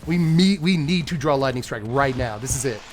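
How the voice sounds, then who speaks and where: A young man giving live commentary on his own card game, excitable and muttering, groaning at bad draws. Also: medium pitch, fairly quick, slight background noise. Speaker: gaming content creator.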